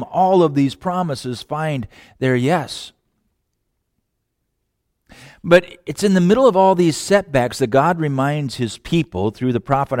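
A man preaching a sermon, with long pauses, shifting between loud emphatic lines and hushed quiet ones. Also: a little high, no room sound, clean studio sound. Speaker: pastor.

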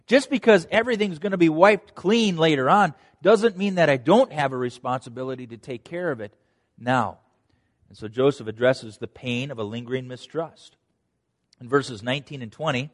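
A man preaching a sermon as pastor, earnest and emphatic, swinging between loud urgent stresses and hushed, quiet phrases. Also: on the high side, big-room sound.

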